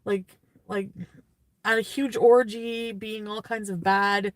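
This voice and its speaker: A woman's voice: medium pitch, fairly even intonation, slow, no echo. Tearful young woman venting in a ramble. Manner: rambling, filler-heavy, sighing and venting. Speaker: vlogger. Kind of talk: rambling casual vlog talk.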